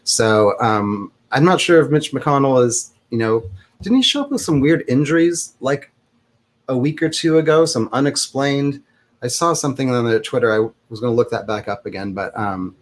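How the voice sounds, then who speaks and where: A man's voice: mid-range voice, lively intonation, moderate pace. A man co-hosting a political talk show, thinking aloud in a tentative, speculative way. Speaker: co-host.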